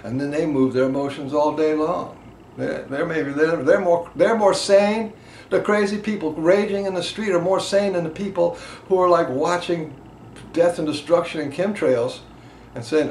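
A man teaching a group about emotional release, impassioned, swinging between loud emphasis and quiet asides. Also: fairly high pitch, steady tone, normal speed. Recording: echoey room with faint background noise.

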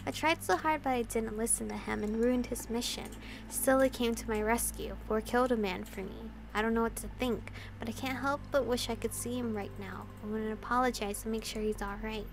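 A woman's voice: on the high side, steady tone, brisk, noisy background. A woman playing through a visual novel, reading the narration aloud with feeling and adding giggly remarks. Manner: emotional reading with giggly asides. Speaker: video game player reading aloud. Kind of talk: visual novel let's play with commentary.

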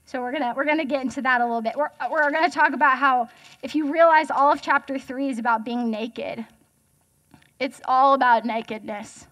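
A woman's voice: sits high, steady tone, fairly quick, a bit bright. A young woman giving a casual, chatty sermon as guest speaker, joking and asking the audience questions.

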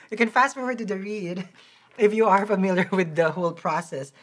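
A woman with a Filipino accent giving a lively, chatty tarot reading and promoting her shop, laughing often. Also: moderate pace, breathy edge. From Philippines. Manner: high-energy, chatty, laughs often, restarts words. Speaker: tarot reader and shop owner.

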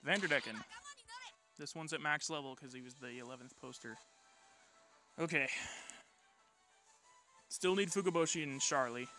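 A man muttering quiet, pleading reactions while pulling characters in a mobile game, swearing as he goes. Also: a little high, normal speed, long pauses, soft background music. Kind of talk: gacha pull reaction commentary.

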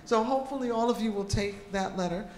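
A woman's voice: mid-range voice, fast talker, darkish tone. Woman organizer in an echoey room. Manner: practical, checks in with "okay?" often. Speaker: organizer at a community program. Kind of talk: addressing an audience at a public program. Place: large echoey room with an audience. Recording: roomy echo, faint room noise.

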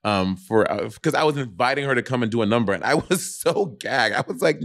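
A man co-hosting a casual podcast chat, laughing often and telling stories in an animated way. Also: mid-range voice, brisk, hardly any pauses. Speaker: podcast co-host.

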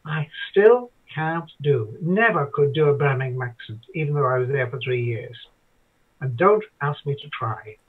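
A man's voice: a little high, lively intonation, moderate pace, husky. An older man from Ireland, a guest telling rambling stories in casual chat, with hesitant restarts. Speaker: guest interviewee. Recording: tinny phone-like line.

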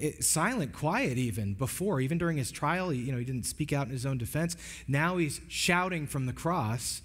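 A man preaching a sermon as pastor, earnest and emphatic, often restarting his phrases. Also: on the high side. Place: church sanctuary. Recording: long hall reverb.

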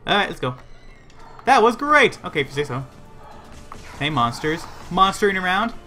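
A man's voice: on the high side, a little fast, sharp tone, soft background music. A man livestreaming a video game, giving rambling play-by-play commentary to himself and his chat. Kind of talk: live gameplay commentary.

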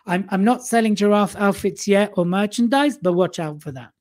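A man's voice: sits high, normal speed, a little mellow. A man guesting on an interview, a public speaking coach who talks chattily, mocks himself and laughs often. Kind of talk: casual interview chat.

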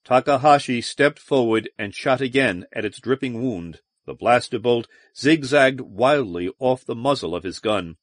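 A man narrating a science fiction audiobook in a measured, dramatic manner. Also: mid-range voice, expressive, no echo, studio quality. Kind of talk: scripted narration.

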